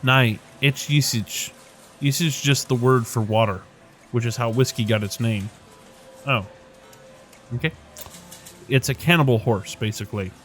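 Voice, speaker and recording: A gruff ex-ranger woman with an Irish lilt, blunt and wry, full of folksy slang, as a man puts her on. She speaks at a middling pitch over faint game music in the background. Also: measured pace, pauses often, fairly bright tone, close to an everyday voice. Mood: chatty. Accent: Irish, put on.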